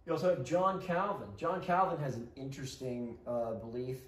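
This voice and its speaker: In a casual, co-taught history lesson, a man speaks conversationally at a moderate pace with a medium-pitched, steady voice. He often checks in with listeners by asking "right?", and the distant mic gives the recording a roomy sound.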